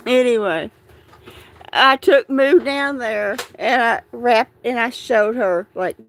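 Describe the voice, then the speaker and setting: A woman talks to her followers on a phone livestream from home, her voice high and drawn out slowly. She is upset and tearful, rambling with shaky laughs and crying mixed into her words. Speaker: livestream host. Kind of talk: live-streamed chat to followers.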